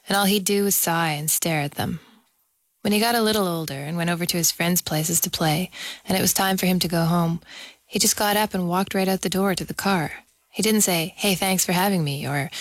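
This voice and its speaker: A woman in her thirties reading her own personal essay about her son in a measured, wry storytelling voice. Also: lowish voice, no room sound. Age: 30s.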